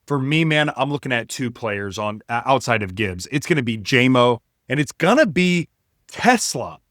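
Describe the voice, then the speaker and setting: A man lays out sports analysis in a steady, emphatic way and keeps calling his listeners guys. His voice sits in a middle pitch. The recording is dry, with no room sound around him. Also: normal speed, dry recording. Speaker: podcast co-host.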